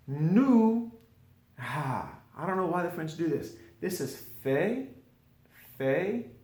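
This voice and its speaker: A man giving an informal French grammar lesson, drilling conjugations slowly and repeating each form with small asides. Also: on the high side, darkish tone. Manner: slow, repetitive drilling with asides. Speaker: French teacher. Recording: echoey room.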